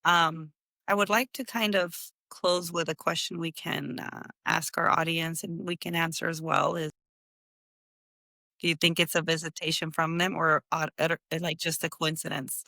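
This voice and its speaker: A woman's voice: low voice, flat delivery, normal speed, vocal fry, pushed and bright, no room sound. A woman co-hosting a casual podcast, telling stories and mixing Spanish words into her English. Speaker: podcast co-host. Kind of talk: casual conversation and storytelling.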